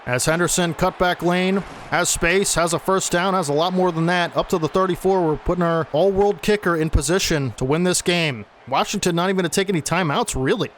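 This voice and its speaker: A young man giving play-by-play commentary over a football video game he is playing, excitable and talking to viewers as folks. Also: high-pitched, a little fast, slight background noise. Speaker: gaming channel host.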